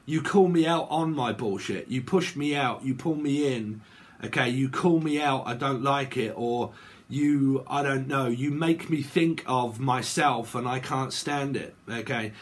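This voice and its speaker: A man's voice: mid-range voice, unhurried, husky. A man giving a casual tarot reading to his viewers, rambling and checking in with "okay" and "right" again and again. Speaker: tarot reader.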